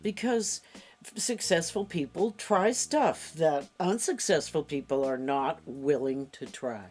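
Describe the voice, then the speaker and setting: A woman in an interview speaking encouragingly, slow and deliberate. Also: low-pitched, darkish tone. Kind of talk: casual interview.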